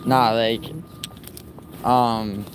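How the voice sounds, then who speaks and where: A man's voice: mid-range voice, flat delivery, very slow. A young man, livestreaming outdoors on a city street and trading profane, teasing banter with his chat. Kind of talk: casual livestream chat with viewers. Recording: faint street and traffic noise.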